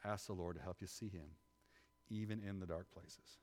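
A man preaching a sermon, telling a Bible story with lively acted-out voices and shifts from loud to hushed. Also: low-pitched, normal speed. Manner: animated storytelling, acting out biblical figures. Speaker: pastor. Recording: long hall reverb.

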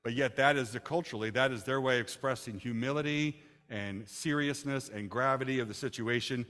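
Midwestern pastor preaching in a reverberant church. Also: male voice, mid-range voice, fairly quick, fairly bright tone. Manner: conversational preaching with rhetorical questions to the congregation. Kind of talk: sermon. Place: church sanctuary. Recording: long hall reverb.

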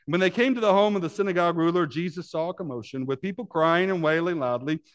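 A man preaching a sermon as pastor, acting out voices from the Bible story and swinging between hushed, intimate lines and loud, climbing passages. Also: on the high side, fast, clear, resonant tone. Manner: acts out voices in Bible scenes.

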